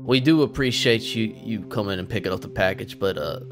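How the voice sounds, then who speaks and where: Gravelly man playing a deadpan role. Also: on the low side, fairly quick, over music. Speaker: player. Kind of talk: casual tabletop play.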